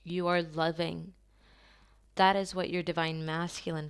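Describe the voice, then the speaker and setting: A woman giving a channeled tarot reading to her viewers, talking softly and slowly in an affirming way, with long pauses. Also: lowish voice, little pitch movement, clean tone. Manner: soft, slow and affirming, with drawn-out pauses.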